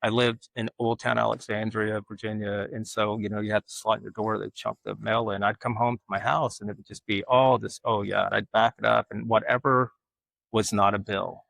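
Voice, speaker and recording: A man's voice: lowish voice, flat delivery, fairly quick, vocal fry, a bit bright, no room sound, low-quality recording. A man, a guest telling rambling, self-mocking stories in casual interview chat. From Alabama. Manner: rambling, self-mocking storyteller who acts out quoted voices. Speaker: guest artist.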